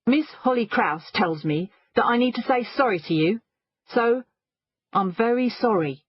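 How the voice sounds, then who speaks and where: A burly, rude bar bully in his thirties, voiced by a woman narrator in an audiobook, speaking curtly and with menace. The voice is husky, and the sound is dry and dull. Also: on the high side, expressive, unhurried, no room sound. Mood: wry. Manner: threatening, curt.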